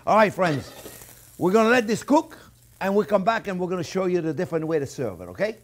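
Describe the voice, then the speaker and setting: A middle-aged man, hosting a cooking demonstration in a chatty, animated way and checking in with "okay?" as he goes. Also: high-pitched, quick pace. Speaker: chef and cooking show host.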